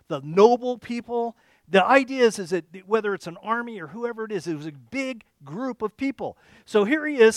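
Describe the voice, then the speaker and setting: A man with a notably high voice, preaching to his church congregation. He talks it through casually, stumbling and restarting, and keeps asking "okay?" to check in. The sound is close and dry, with little room echo. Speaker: pastor. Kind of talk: sermon. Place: church service.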